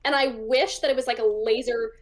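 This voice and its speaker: A woman's voice: fairly high pitch, fairly even intonation, fairly quick. A young woman talking as an interview guest, chatty and casual, with lots of fillers as she acts out the voices in her stories. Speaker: interview guest, psychic medium.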